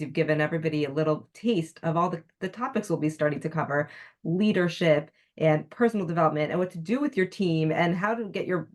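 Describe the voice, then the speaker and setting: A woman co-hosting a business podcast, warm and encouraging as she thanks her guest and wraps up the episode. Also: fairly low pitch. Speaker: podcast co-host. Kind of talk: podcast interview and outro.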